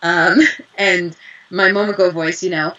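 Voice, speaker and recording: A young woman, a voice actress, chatting in an interview and telling lively stories with acted-out quotes. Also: on the low side, measured pace, muffled recording, slight background noise. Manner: animated storyteller, acts out quotes. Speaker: voice actress guest. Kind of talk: casual interview chat.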